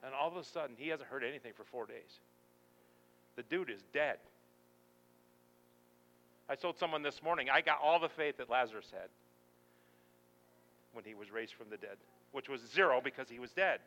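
A man preaching a sermon, swinging dramatically between loud shouting and near-whispers. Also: medium pitch, normal speed, pauses often.

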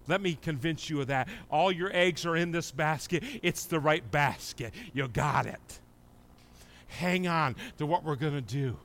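A man preaching a sermon as a pastor, moving between quiet prayer and loud, excited preaching. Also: on the high side, a little slow. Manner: swings from hushed prayer to shouted, excited preaching.

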